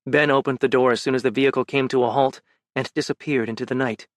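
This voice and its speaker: A man reading fantasy fiction as an audiobook narrator, measured and even. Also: mid-range voice, dry recording, clean studio sound.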